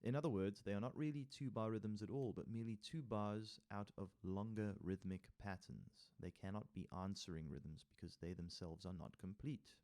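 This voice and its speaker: Male music theory tutor, low voice, mixes reading aloud with casual remarks and counts rhythms out. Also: moderate pace, few pauses, a little mellow. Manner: reads text aloud, then adds casual asides and taps rhythms with sung syllables. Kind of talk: tutorial walkthrough reading from a workbook.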